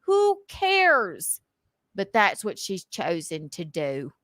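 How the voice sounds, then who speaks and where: A woman's voice: medium pitch, wildly swooping pitch, takes it slowly, a bit bright, no echo. Woman host, transatlantic accent, enunciated and goofy, close and dry sound. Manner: crisp enunciation, goofy, theatrical outbursts. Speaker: show host. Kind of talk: casual rant reacting to online comments.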